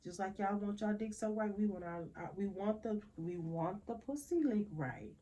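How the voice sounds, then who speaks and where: A woman's voice: mid-range voice, expressive, normal speed, mellow. A young woman hosting a podcast in a frank, profane, laughing monologue. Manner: blunt, profane, laughing, emphatic repetitions. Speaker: podcast host.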